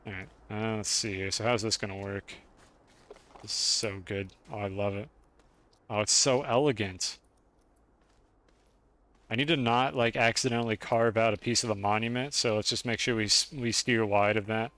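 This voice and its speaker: A man's voice: on the low side, steady tone, normal speed, pauses often, a bit bright, a little hiss or hum. A young man streaming a video game, chatting casually with his chat and swearing freely while he plays. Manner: chatty, profane, talks to chat.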